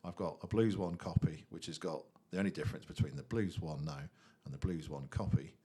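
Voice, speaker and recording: A man casually walking through a software tutorial, chatty and thinking aloud. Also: rumbling low, brisk, breathy edge. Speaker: tutorial host.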